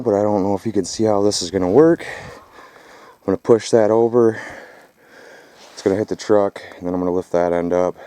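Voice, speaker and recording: Man, low voice, rough and profane, casual outdoor vlog, talks to viewers, faint background noise. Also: dark tone. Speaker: scrap metal vlogger. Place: outdoors at a rural property.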